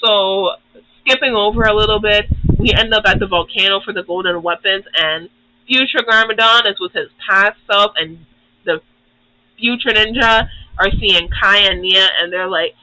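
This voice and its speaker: A young man with a high, very bright voice gives a casual, swear-filled recap of a show, rambling from point to point. The recording is dry and close, with no room sound at all. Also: normal speed, no echo, rough recording. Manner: profane, rambling, acts out characters. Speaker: YouTube host.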